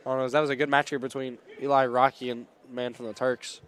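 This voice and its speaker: A man doing live play-by-play commentary at a school wrestling meet, excitable and rambling, often stopping to apologize. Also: mid-range voice, a little fast, smooth. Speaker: play-by-play announcer. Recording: loud gym crowd noise. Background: cheering crowd and shouting coach.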